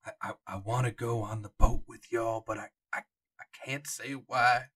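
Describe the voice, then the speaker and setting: A man voicing a nervous old male park docent who stammers and repeats himself in halting bursts, in a tabletop game. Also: medium pitch, fairly even intonation, fairly bright tone, slightly rough. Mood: fretful. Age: older.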